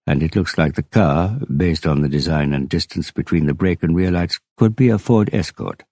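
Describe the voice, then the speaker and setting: Man voicing a sleepy, hedging tech expert, higher pitch, husky, dry close sound. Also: moderate pace, a little mellow, dry recording. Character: groggy, fussy male image-analysis expert.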